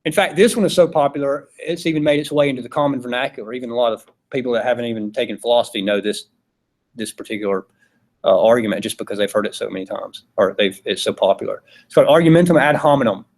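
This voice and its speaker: A man's voice: medium pitch, fast, a little mellow. A man with a Georgia Southern accent teaching a philosophy class, talking conversationally and checking in with "right?" all the time. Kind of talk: classroom lecture.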